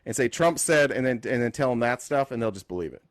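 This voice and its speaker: A man hosting a live call-in political talk show, speaking casually, joking and thinking out loud as he reads the news. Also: mid-range voice, very fast, no room sound, clean studio sound. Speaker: host.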